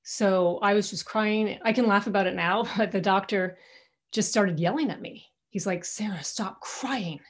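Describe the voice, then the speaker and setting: A woman's voice: mid-range voice, fairly even intonation, normal speed. A middle-aged woman giving a personal talk to an alumni audience from her home, candid and conversational, often restarting her sentences. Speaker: guest speaker.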